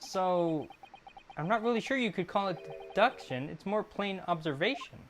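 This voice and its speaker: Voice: medium pitch, lively intonation, normal speed, slight background noise, natural voice. A gamer voicing a skeptical, earnest young male lawyer in a plain, doubtful voice. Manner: dry, doubtful. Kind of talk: fan voice-over of a game.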